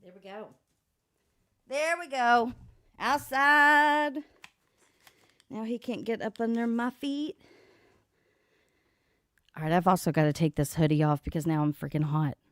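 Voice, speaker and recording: A woman's voice: fairly high pitch, expressive, unhurried, pauses often, a bit bright, no echo, studio quality. A woman hosting a casual livestream from home beside an open back door, chatting and greeting viewers by name. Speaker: livestream host. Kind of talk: casual live chat. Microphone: desk microphone.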